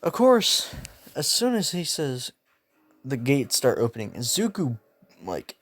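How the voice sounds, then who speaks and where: A young man tells a fan-made story in a slow, unhurried way, rambling and slangy. His voice sits in a middling range, and he chuckles at his own jokes. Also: mid-range voice, sing-song, dry recording, faint music behind. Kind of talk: casual fan-fiction storytelling.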